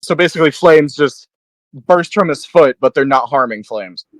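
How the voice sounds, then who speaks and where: A man takes his turns as a player in a tabletop game. His voice is somewhat high and recorded dry and close, and he talks in a casual, hesitant way with fillers. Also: expressive, moderate pace, dry recording.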